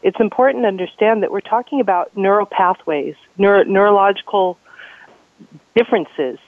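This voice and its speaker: A man's voice: sits high, moderate pace, no echo. A man hosting a radio talk show, speaking in an easygoing, reflective way with an occasional chuckle. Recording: tinny phone-like dry sound.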